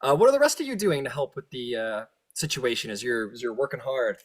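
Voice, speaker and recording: Man, game master, animated, playful, tabletop narration. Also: medium pitch, brisk. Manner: animated, laughing, jumps into silly voices.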